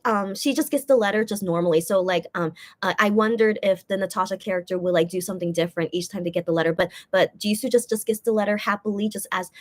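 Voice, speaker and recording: A woman casually recapping a musical performance she saw, rambling with lots of fillers and restarts. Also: medium pitch. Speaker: musical theater fan reviewing a show. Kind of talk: casual spoken review.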